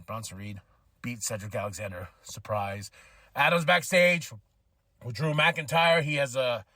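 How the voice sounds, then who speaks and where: Podcast host, male, animated recap voice, swings up and down a lot. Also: sits high, no echo. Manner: animated, acts out quotes with laughs and profanity. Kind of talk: casual show recap.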